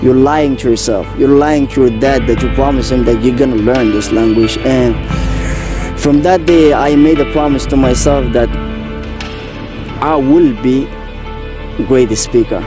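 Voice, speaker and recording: A man's voice: mid-range voice, music in the background. Earnest young man telling his story. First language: French. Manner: earnest, halting, with many fillers and restarts. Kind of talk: personal story in casual talk.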